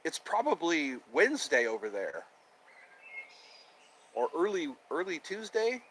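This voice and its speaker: This livestream host's fairly high, slightly bright voice swoops wildly in pitch, though his pace is unhurried. He's outdoors with birds chirping, cheerfully chatting and repeating himself while greeting viewers, and a little hiss or hum is audible.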